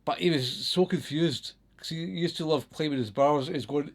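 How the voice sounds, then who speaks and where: A man from Scotland with a Scottish accent, telling stories casually to his viewers, animated, laughing often and swearing freely. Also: fairly high pitch, moderate pace. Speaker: vlogger. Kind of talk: casual storytelling to camera.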